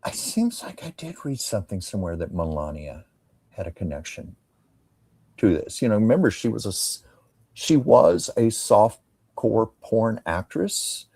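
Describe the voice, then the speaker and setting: A man's voice: lowish voice, sing-song, unhurried, slightly rough, no echo. A man hosting a casual tarot reading chat, conversational and musing. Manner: conversational, musing, drops to soft tones. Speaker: psychic tarot reader, host.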